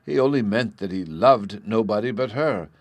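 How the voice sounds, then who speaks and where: A man voicing a domineering, fussy noble lady with a shrill, imperious manner. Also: animated, moderate pace, dry recording.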